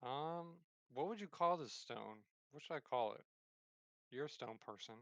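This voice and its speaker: A man's voice: mid-range voice, lively intonation, a little slow, fairly bright tone, no room sound. A man playing in a tabletop role-playing game, talking casually and joking. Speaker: player.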